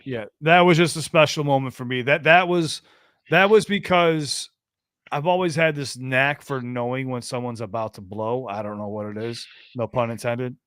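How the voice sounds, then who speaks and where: A man's voice: mid-range voice, moderate pace, fairly bright tone, smooth, no echo, clean studio sound. An American man co-hosting a casual podcast chat with a caller, easygoing and talkative, with plenty of fillers and restarts. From United States. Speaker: podcast co-host.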